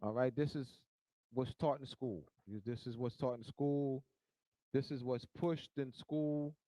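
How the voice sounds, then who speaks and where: Slow, emphatic man teaching. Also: fairly even intonation, dry recording, poor audio. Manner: repetitive and emphatic, repeating phrases for stress; grows louder and higher toward the end. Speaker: speaker. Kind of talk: teaching talk.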